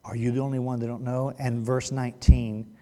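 A male pastor preaching a sermon, reading scripture aloud and acting out its people in animated bursts. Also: mid-range voice, fairly quick, long reverb tail.

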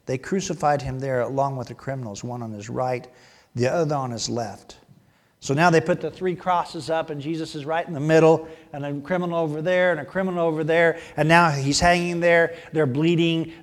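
A man preaching a sermon, animated, rising loud on emphasis and dropping to hushed asides. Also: a little high. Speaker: pastor.

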